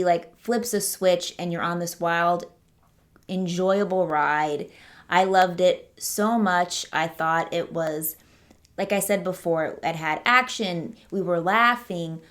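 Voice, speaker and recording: A woman hosting a casual film review vlog, chatty and enthusiastic, with lots of fillers and restarts. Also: on the low side. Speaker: movie reviewer, channel host.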